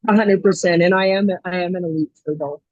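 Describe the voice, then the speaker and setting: A woman's voice: fairly low pitch, steady tone, a little fast, a little mellow, dry recording. A woman calling in to a video chat from Canada, speaking in an eager, rambling way with many fillers. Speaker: caller on a video call. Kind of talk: casual chat. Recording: dull, lo-fi call audio.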